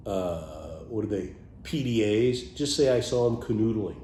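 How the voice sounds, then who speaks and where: A man with a lowish voice talks casually and playfully about words he loves, now and then dropping to a muttered aside. The sound is roomy, with a faint hum behind him. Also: lively intonation, normal speed, dark tone. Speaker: vlogger sharing favorite words. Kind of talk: casual off-the-cuff monologue.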